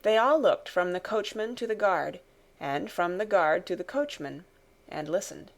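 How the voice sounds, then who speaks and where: A woman narrating a classic novel as an audiobook, in a steady, measured storytelling voice. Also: fairly low pitch, gravelly. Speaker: audiobook reader.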